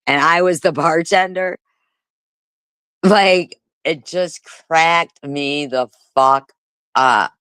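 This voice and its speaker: A woman's voice: low voice, slow, a bit bright, smooth, dry recording. Angry, cursing woman streamer, dry sound. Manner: angry, profane, repetitive. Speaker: live streamer. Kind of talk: heated livestream rant.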